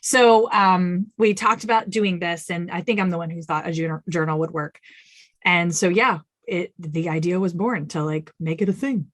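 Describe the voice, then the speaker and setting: A woman's voice: on the low side, moderate pace, no echo. A woman guest on an interview podcast, telling stories with animation and acting out her own quotes. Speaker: author guest.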